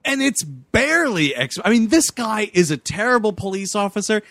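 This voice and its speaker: A man's voice: high-pitched, very animated, moderate pace, fairly bright tone, dry recording. A man co-hosting a casual movie podcast, joking and acting out the characters he describes. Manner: jokey, acts out characters in quoted voices. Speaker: podcast co-host. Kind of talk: casual movie-review chat.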